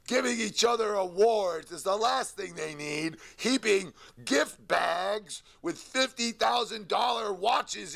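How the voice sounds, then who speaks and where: Man playing a gravelly alien monster rocker. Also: extremely high pitch, fairly bright tone, full character voice. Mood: ranting. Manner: sneering, profane, ranting. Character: foul-mouthed male alien monster rock frontman. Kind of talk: archival interview clip in character.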